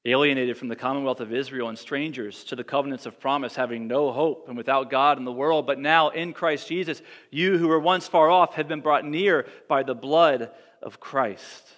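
A man preaching a sermon in a church, reading scripture aloud and breaking off into wry, animated asides. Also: medium pitch, moderate pace, hardly any pauses, big-room sound. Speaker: pastor.

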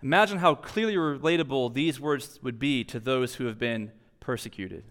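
A man preaching a sermon in a conversational, animated way with casual asides. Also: mid-range voice, moderate pace. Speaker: pastor. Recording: long reverb of a large hall.

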